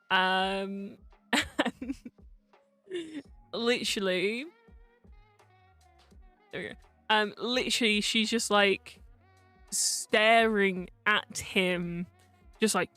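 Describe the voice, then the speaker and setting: A woman streamer talks at an unhurried pace, chatty and loose, with plenty of fillers, swearing and laughter along the way. Her voice sits at an everyday pitch and sounds close and dry, with faint music running behind her. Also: a bit bright, dry recording. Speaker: vtuber streamer. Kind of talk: casual storytelling on stream.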